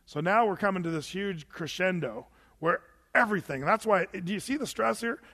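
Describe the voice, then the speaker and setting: High-voiced pastor in a reverberant hall. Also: male voice, animated, sharp tone. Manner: informal, repeats words, reads scripture aloud slowly. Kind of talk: conversational Bible study sermon. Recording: long reverb of a church hall.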